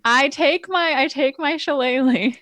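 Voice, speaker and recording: A woman's voice: high voice, measured pace, fairly bright tone, no echo. Woman player in a tabletop game, careful, asks lots of questions, dry close mic. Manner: cautious, asks many questions. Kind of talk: casual tabletop play.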